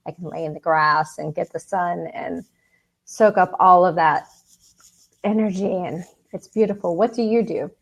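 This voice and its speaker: An American woman co-hosting a casual spiritual chat, chatty and quick to laugh. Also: fairly low pitch, creaky. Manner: chatty, laughs often, animated. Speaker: co-host.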